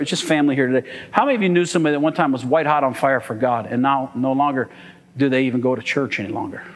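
Emphatic preacher in a reverberant hall. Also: male voice, medium pitch. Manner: emphatic, call-and-response, asks "amen?". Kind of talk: sermon. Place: church hall.

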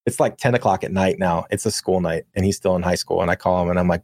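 A young man co-hosting a podcast, telling a long profane anecdote in a rambling, animated way. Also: deep voice, fast talker, no room sound, studio quality. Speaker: podcast co-host. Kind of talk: casual storytelling.

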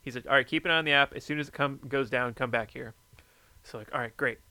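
Bright, crisp-voiced man telling stories. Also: mid-range voice, quick pace, no room sound. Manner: animated storyteller, swears freely. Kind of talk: casual chat.

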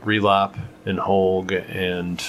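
A man's voice: low voice, level tone, takes it slowly, a little hiss or hum. A man narrating as game master in a loose, rambling way with many fillers.

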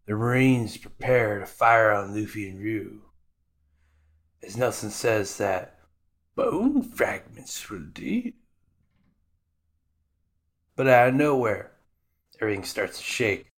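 A man's voice: lowish voice, a bit bright. A man hosting a podcast, casually recapping anime episodes with irreverent, profane asides. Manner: irreverent, swears freely, mock voices for characters.

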